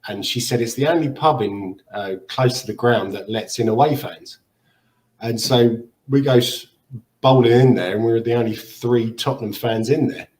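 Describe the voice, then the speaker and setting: A man's voice: medium pitch, normal speed, a little mellow, poor audio. A man co-hosting a football podcast, telling chatty anecdotes and slipping into jokey voices. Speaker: podcast co-host. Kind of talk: casual football podcast chat.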